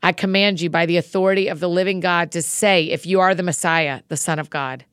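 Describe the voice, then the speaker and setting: A woman voicing an angry male chief priest who shouts accusations. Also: lowish voice, fairly even intonation, a little fast, smooth, dry recording, studio quality, natural voice. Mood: demanding. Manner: shouting indignantly.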